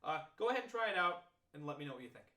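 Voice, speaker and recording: A man's voice: fairly high pitch, racing. Man teaching trombone practice, echoey room. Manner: relaxed, explanatory, talks through examples step by step. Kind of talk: demonstrating practice techniques. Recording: roomy echo.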